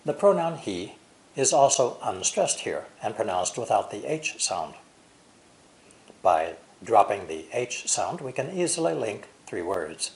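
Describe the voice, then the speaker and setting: A man with an American accent teaching English pronunciation, speaking deliberately and exaggerating stress and intonation. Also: fairly low pitch, big pitch swings. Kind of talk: pronunciation lesson.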